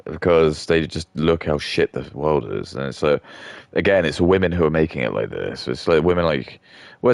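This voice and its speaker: Male gaming streamer, extremely low and gravelly, rambling, crude, dry close sound. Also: dry recording. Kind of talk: casual commentary while gaming.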